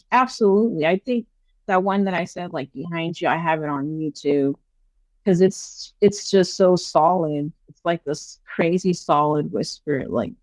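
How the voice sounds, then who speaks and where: A woman guest on a podcast, casually telling paranormal stories in a chatty, animated way full of fillers. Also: low-pitched, no room sound. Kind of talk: casual storytelling interview.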